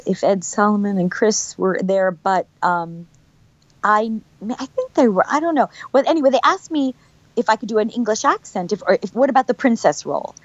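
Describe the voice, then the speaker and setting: A woman's voice: on the high side, no echo. Actress guest on an interview show: chatty woman with restarts, recorded dry and lo-fi. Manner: chatty storyteller, animated, lots of restarts. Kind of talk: casual interview chat.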